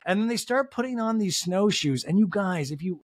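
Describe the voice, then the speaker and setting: A man's voice: sits high, expressive, moderate pace, dry recording. A man hosting a podcast, giving a casual, laughing recap of a reality show and acting out quotes in different voices. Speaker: podcast host.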